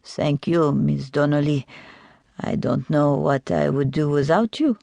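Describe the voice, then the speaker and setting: A woman's voice: sits low, fairly even intonation, measured pace, creaky, mellow, dry recording. A woman voicing a wealthy, composed French male boss, with a French accent, speaking tersely and formally.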